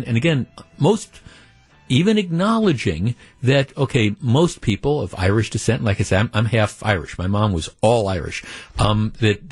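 A man's voice: medium pitch, slightly rough. A man hosting a talk radio show, reading out listener texts with wry disbelief. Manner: wry, incredulous. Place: radio studio. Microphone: studio microphone.

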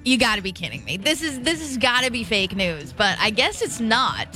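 A woman's voice: a little high, moderate pace, soft background music. A young woman hosting a radio show, chatting casually and acting out quotes as she tells stories, in a studio. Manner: animated storyteller, acts out quotes. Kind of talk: casual on-air banter.

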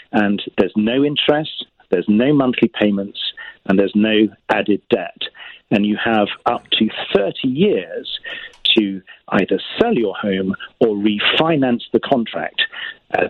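A man with a British accent, a startup founder pitching his company in a measured, explanatory way. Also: dry recording. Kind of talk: business pitch over the phone. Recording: tinny phone line.

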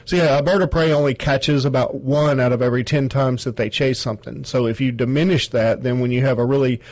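A man's voice: medium pitch, fairly even intonation, brisk, darkish tone, dry recording, poor audio. A man who works at a wildlife park, explaining owls on a studio chat show with dry jokes. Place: studio with a live owl.

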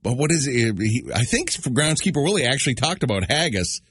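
A man's voice: mid-range voice, sing-song, fairly quick, fairly bright tone, a little hiss or hum. A man co-hosting a casual morning radio show, rambling with fillers and restarts. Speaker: radio host. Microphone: studio mic.

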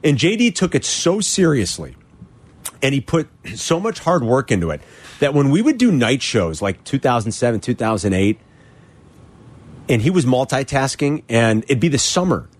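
A man hosting sports radio, sharing memories in casual chat and jumping high for quoted lines. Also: moderate pace. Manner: animated storyteller who jumps to a high voice for quoted lines.

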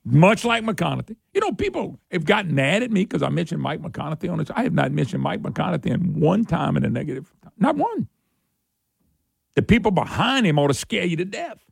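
A man hosting an opinionated political talk show, sarcastic and quick to laugh. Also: sing-song, vocal fry, breathy edge, dry recording, clean studio sound. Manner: sarcastic, laughs often, voice jumps high when mocking. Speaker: radio talk show host.

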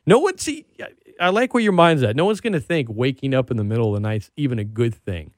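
A man hosting a radio show, chatting casually and telling stories with animated excitement. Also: medium pitch, fast talker, no room sound, clean studio sound. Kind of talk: casual chat.

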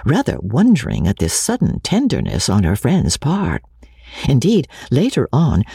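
An expressive audiobook narrator reading a classic novel with a very animated, lively pitch. The voice is husky and breathy, recorded dry and close. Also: no room sound. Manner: expressive, ironic asides.

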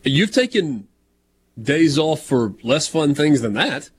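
Lively Southern sports radio host. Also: male voice, a little high, slow pace, breathy edge. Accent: Southern American. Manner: chatty, teasing, digressive. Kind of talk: casual sports radio banter.

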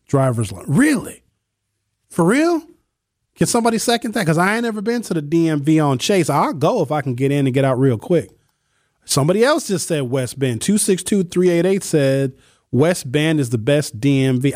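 A man's voice: mid-range voice, a little mellow, dry recording, studio quality. A man hosting a call-in talk show in a chatty, joking way. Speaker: radio talk show host. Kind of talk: casual call-in show chat.

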